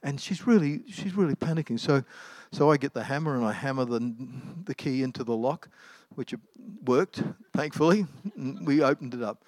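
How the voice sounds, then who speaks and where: A man's voice: mid-range voice, lively intonation, moderate pace, a little mellow, dry recording. Conversational man preaching. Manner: anecdotal, conversational, with many ums and restarts. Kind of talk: sermon.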